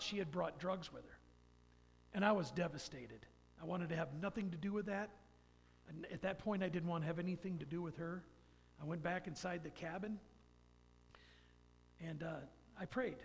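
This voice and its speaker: A man's voice: high voice, normal speed, vocal fry, pauses often, slightly rough. A man in his fifties giving a folksy, rambling personal testimony in church. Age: 50s. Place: church sanctuary. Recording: long church hall reverb.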